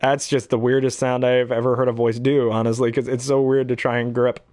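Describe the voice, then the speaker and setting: A man's voice: mid-range voice, level tone, fairly quick, darkish tone, no room sound, clean studio sound. A young man, a hobby voice actor, chatting casually and self-deprecatingly about impressions, rambling with chuckles.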